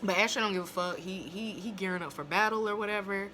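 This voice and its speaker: A woman's voice: mid-range voice, fast, bright, forceful tone, slight background noise. Blunt, profane young woman. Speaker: TV episode reviewer. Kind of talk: casual recap vlog. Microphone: phone.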